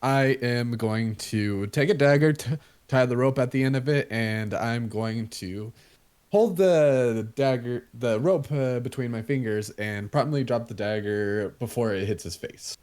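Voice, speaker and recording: A man's voice: mid-range voice, measured pace, a little mellow. A man playing a tabletop game, describing his character's actions hesitantly, with many fillers. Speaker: player. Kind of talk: tabletop game play, casual.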